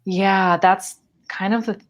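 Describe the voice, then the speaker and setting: A young woman, a wildlife biologist guest, telling an animated story in a casual podcast chat, with lots of "like" and quick laughs. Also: medium pitch.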